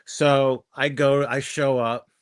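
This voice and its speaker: A man's voice: medium pitch, takes it slowly, clean tone. A middle-aged man, a guest actor, telling casual stories about his work and acting out the lines people said to him. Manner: animated, acts out quoted dialogue. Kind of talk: casual storytelling.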